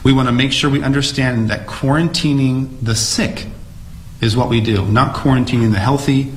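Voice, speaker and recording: A man's voice: medium pitch, steady tone, moderate pace. A man speaking as a doctor at a press conference, making firm, emphatic points. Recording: roomy archive clip with faint noise.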